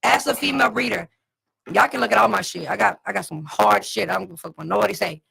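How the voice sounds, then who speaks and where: A woman's voice: mid-range voice, quick pace, vocal fry, pushed and bright, breathy edge, poor audio. A woman who breeds dogs, talking on a podcast in an assertive, emphatic and profane way. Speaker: podcast guest and dog breeder. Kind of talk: casual chat.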